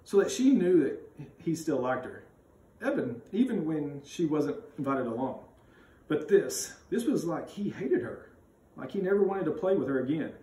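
A man reading a children's chapter book aloud with expressive, animated narration. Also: fairly high pitch, normal speed. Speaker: school read-aloud reader. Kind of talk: storybook read-aloud. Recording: roomy sound, mic at a distance.

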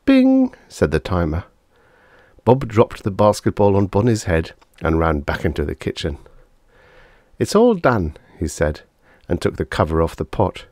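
A man's voice: deep voice, moderate pace, a little mellow, no echo. A man reading vintage science fiction aloud as scripted audiobook narration, with a dry storytelling delivery. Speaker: audiobook reader.

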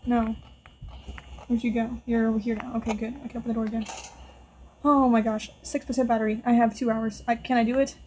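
A woman with a fairly high voice gives casual commentary on a scary video game. She sounds nervous and talks straight to the characters on screen. A faint noise sits under the recording. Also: flat delivery, a little fast, a little mellow, rough recording. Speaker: gameplay video host. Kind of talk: casual let's-play commentary.

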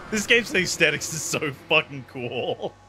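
A man's voice: fairly high pitch, lively intonation, slow pace, bright, forceful tone, soft background music. A man chatting casually and joking over a game stream, laughing often. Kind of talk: casual gameplay chat.

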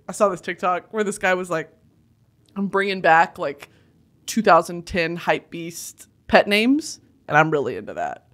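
A woman, hosting a comedic commentary show and swinging between shouts, whispers and laughter. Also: lowish voice, lively intonation, normal speed. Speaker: host.

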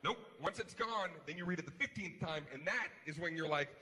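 A man performing a stand-up comedy routine on stage, animated, swinging between hushed mutters and shouted rants. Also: sits high, fairly quick. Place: large comedy venue. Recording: live hall with crowd noise. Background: audience laughter.

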